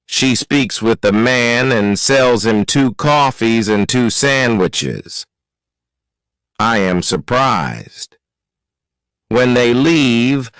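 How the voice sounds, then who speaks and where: A man narrates a graded reader story at a very slow, deliberate pace, every word clearly shaped. His voice is smooth and resonant, and the recording is dry and close, with no room around it. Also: mid-range voice, fairly bright tone, no echo, rough recording. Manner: slow, careful, clearly articulated reading. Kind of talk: slow scripted narration for learners.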